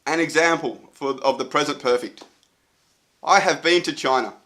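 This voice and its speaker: A man's voice: on the high side, moderate pace, sharp tone. A man teaching English grammar in a casual online lesson, explaining step by step with frequent fillers. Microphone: solo video recording.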